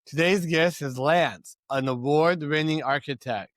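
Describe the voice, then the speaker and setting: Enthusiastic male host, smooth resonant tone, dry room. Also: fairly high pitch, unhurried, a bit bright, dry recording. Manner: upbeat, enthusiastic welcomes. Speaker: podcast host. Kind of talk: podcast interview.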